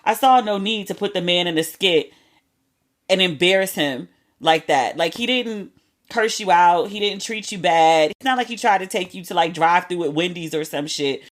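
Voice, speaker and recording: A woman podcast host talking in a loose, storytelling way, her voice sitting a little low. She is candid and chatty, drops slang and the odd swear, and sounds like she is confiding in listeners. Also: moderate pace. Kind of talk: casual storytelling monologue.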